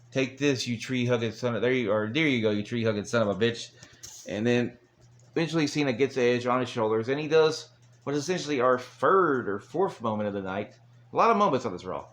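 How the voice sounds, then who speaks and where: Rambling man recapping with chuckles. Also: medium pitch. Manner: rambling, chuckling, crude asides. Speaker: wrestling show reviewer. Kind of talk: casual recap monologue.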